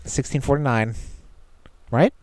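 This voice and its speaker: A man's voice: medium pitch, unhurried, crowd noise. A man co-hosting a casual pop-culture chat, rambling, wry and freely profane. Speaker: podcast co-host.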